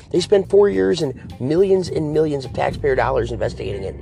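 A man's voice: on the high side, lively intonation, normal speed, vocal fry, mellow, soft background music. A man hosting a political talk show, ranting to his viewers in a preachy way and calling them folks and guys.

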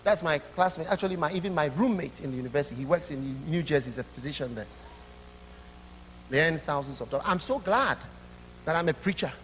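A young man preaching an impassioned sermon that rises to shouts. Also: a little high, animated, fairly quick, in a large hall, slight background noise. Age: young adult.

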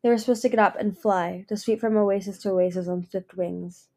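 A woman reading a fantasy novel aloud in an expressive storytelling manner. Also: mid-range voice, fairly quick. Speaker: fan audiobook reader.

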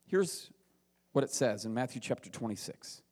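A young adult pastor preaching a casual, conversational sermon full of rhetorical questions, rising in voice for emphasis. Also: male voice, mid-range voice, big pitch swings, moderate pace, a little mellow.

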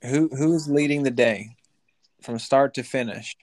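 A man's voice: mid-range voice, unhurried, darkish tone, dry recording. A man, a pastor, explaining faith plainly and directly with rhetorical questions. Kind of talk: sermon-like explanation.

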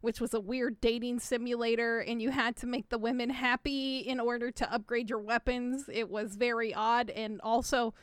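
A young woman co-hosting a casual podcast, loud and laughing, swearing often. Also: fairly high pitch, level tone, normal speed, few pauses, clear, resonant tone, dry recording, clean studio sound. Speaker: podcast co-host. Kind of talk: casual live-stream chat.

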